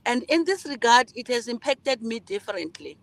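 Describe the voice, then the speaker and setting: A woman's voice: on the high side, sing-song, moderate pace, vocal fry, no room sound, rough recording. A woman from South Africa speaking earnestly on an online panel over a video call.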